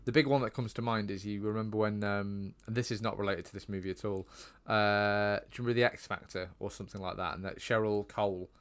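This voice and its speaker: Man, from Britain, low voice, casual film chat, rambling, lots of fillers. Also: steady tone, quick pace, few pauses, fairly bright tone, clear, resonant tone. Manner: chatty, rambling with frequent ums. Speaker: podcast co-host.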